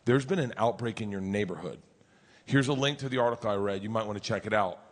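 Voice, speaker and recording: A man voicing his male friend's text message in a lower, flat, deadpan tone over a live stage recording with background noise. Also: fast, big-room sound, close to an everyday voice.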